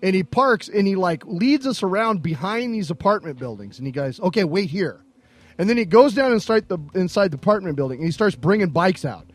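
High-voiced man telling a story. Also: a little fast, hardly any pauses, no room sound. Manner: animated anecdote, mimics other people's lines, laughs often. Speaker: podcast co-host. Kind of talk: casual storytelling.

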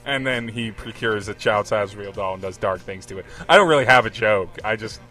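A man guesting on a podcast, telling a halting, deadpan dark joke in casual chat. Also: lowish voice, faint music behind. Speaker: podcast guest, band member.

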